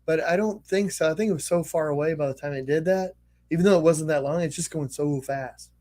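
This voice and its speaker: Male streamer, casual chat, thinks out loud, halting, lots of restarts. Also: fairly high pitch. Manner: hesitant, thinks aloud with many restarts. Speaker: artist hosting a live stream.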